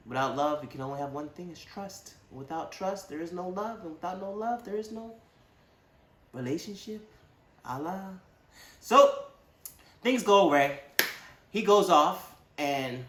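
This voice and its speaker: Animated man rambling through a movie review. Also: sits high, measured pace, pauses often, roomy sound. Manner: animated, rambling, slangy asides. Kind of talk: casual spoken movie review.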